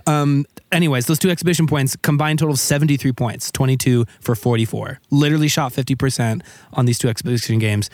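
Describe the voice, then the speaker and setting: A man hosting a casual sports podcast, talking excitedly and rambling with frequent restarts. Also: medium pitch, fast, dry recording. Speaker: podcast host.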